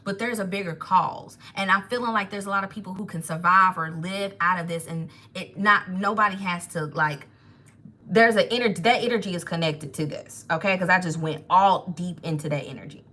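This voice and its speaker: A woman giving a live tarot reading, animated and emotional, rambling through spiritual insights. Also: fairly low pitch, a little fast. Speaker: tarot reader.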